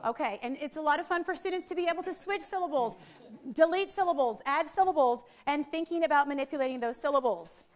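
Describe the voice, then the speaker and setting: A literacy trainer with a high voice and fast delivery presents a teacher workshop in a training room. She explains teaching methods and leads the audience through call-and-response drills.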